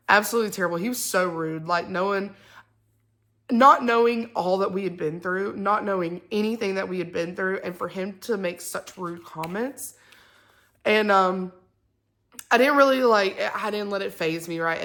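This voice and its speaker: A woman's voice: mid-range voice, fairly bright tone. A mother, telling a story to the camera in a rambling, heated way full of fillers. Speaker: mother and vlogger.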